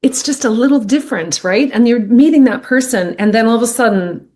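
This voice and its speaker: A middle-aged woman speaking as a podcast guest, earnest and animated, often acting out what people say. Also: on the high side, brisk. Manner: earnest, animated, acts out quoted speech. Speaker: podcast guest, medical intuitive. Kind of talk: reflective podcast conversation.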